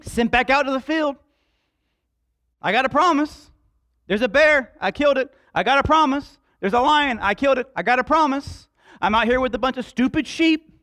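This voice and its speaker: High-voiced man preaching with shouts. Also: no room sound, studio quality. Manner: dramatic storytelling, acts out dialogue, shouts for emphasis. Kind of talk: sermon.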